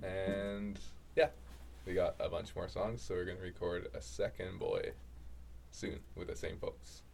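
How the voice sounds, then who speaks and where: Man, band guest, laid-back chat, gravelly, low voice. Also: flat delivery, a little slow, a little mellow, a little hiss or hum. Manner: laid-back, laughs easily. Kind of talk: casual radio chat.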